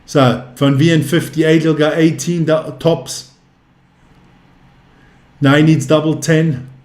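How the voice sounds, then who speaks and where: A man in his fifties gives casual live darts commentary, calling out scores between loose banter with viewers. His voice sits fairly high for a man. The sound is roomy, with a noticeable echo. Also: level tone, slow, a little mellow. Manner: chatty, calls scores and answers viewer chat. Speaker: darts commentator and stream host.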